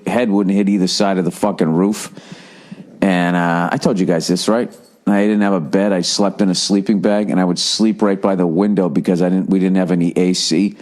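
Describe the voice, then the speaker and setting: An American man in his forties hosts a solo podcast in a lowish, darkish voice. He rants in a rambling, profane way, mocking people with put-on voices.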